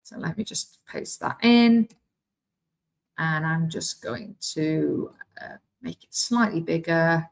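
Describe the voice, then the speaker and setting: Welsh woman, teacher trainer, live demo, fairly low voice, chatty and self-deprecating. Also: lively intonation, slow, a bit bright, rough recording. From Wales. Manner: chatty, self-deprecating, thinks aloud while clicking. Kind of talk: live online software demonstration.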